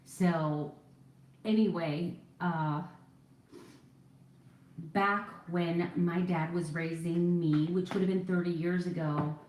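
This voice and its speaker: Chatty and self-deprecating, a vlogger in her forties talks casually as she gets ready at home with her makeup. Her voice is lowish with a darkish tone, heard in a roomy, rough recording.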